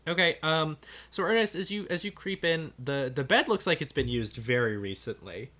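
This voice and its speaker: Brief: game master voice, lively pitch, bright tone, laughs a lot. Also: normal speed. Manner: animated, laughs often. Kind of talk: narrating a tabletop game.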